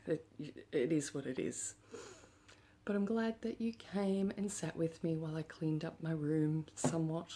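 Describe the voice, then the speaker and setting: An Australian woman chatting casually on her vlog while tidying her room, often exclaiming over things she finds and sometimes dropping into a whisper. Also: low voice. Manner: excitable, exclaiming over found items, drifting into whispers. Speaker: witch shop owner vlogger.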